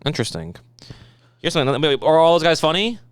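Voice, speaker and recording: A man's voice: fairly high pitch, sing-song, clear, resonant tone, dry recording, clean studio sound. A man in his thirties co-hosting a podcast, bantering casually and jumping into goofy impressions. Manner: jokey, quick to break into goofy impressions. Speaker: podcast co-host.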